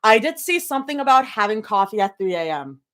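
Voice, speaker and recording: A young woman with a mid-range voice, speaking a little fast, chats casually on a livestream from her bedroom before reading fan fiction. She rambles, giggles often and breaks into excited yelling.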